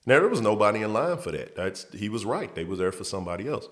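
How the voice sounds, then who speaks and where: Low-voiced male host, relaxed storyteller who repeats words as he goes. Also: fast talker. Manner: repeats and restarts words, acts out quotes. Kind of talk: casual storytelling.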